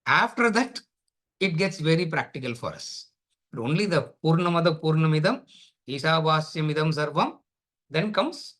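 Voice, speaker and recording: A man teaches in a somewhat high voice. He keeps the lecture lively with rhetorical questions and laughter, and he slows into drawn-out chanting for the sacred verses. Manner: drawn-out chanting of Sanskrit words. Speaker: Vedanta teacher.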